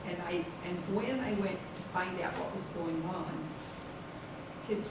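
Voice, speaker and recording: A woman's voice: on the low side, unhurried, creaky. A woman in the audience sharing a personal story, hesitating and restarting often. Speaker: audience member. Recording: echoey room, far from mic, background noise.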